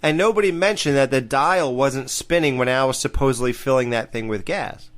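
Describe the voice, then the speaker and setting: A man's voice: medium pitch, fairly quick. A man hosting a podcast, casually recapping a sitcom episode and laughing along. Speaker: podcast host.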